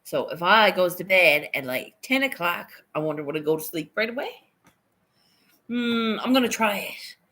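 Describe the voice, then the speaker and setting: Giggly, bright-voiced woman telling stories. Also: fairly low pitch, moderate pace. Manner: giggly, swears a lot, animated storytelling. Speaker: livestreaming vlogger. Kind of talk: casual storytelling chat.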